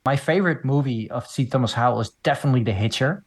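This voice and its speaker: A man hosting a casual film podcast, explaining the plot in long, steady runs. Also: mid-range voice, fast talker, slightly rough. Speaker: podcast host.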